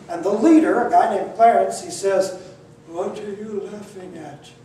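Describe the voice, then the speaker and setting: An older man telling a personal story in an animated, self-deprecating way, acting out the dialogue himself. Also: sits high. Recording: echoey room, distant mic, faint noise.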